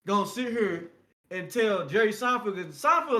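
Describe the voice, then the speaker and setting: A man co-hosting a podcast in casual chat, animated and full of profanity, with loud outbursts. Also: high voice, normal speed. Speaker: podcast co-host.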